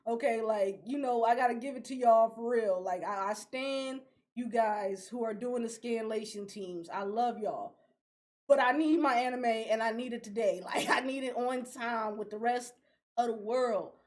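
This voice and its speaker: Brief: young woman, high voice, animated profane rants, podcast co-host. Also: normal speed. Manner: animated, ranting, laughs often, profane. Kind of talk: casual podcast chat.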